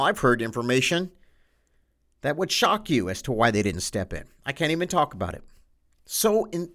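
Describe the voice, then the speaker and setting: A man hosting his own news show as a pastor, delivering an impassioned, sarcastic monologue that swings between loud outbursts and hushed asides. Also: on the high side. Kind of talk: political news commentary monologue.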